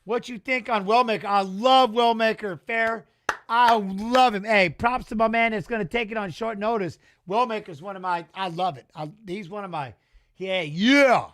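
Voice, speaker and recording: A man with a notably high, bright voice hosts a live watch-along stream. He talks in an excitable, slangy, joking way and reacts to the action and to chat. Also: moderate pace. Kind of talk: casual live-stream fight commentary.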